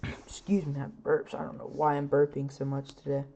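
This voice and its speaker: A woman's voice: very deep voice, monotone, brisk, creaky, mellow, highs cut off. A woman hosting her own podcast, chatting casually with lots of fillers, her voice a bit scratchy. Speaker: podcast host. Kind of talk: casual solo podcast chat.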